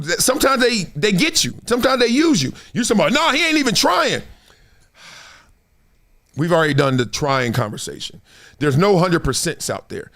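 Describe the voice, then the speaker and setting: A man in his forties hosting a casual sports talk stream, animated and trash-talking, slipping into put-on fan voices. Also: sits high. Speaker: show host.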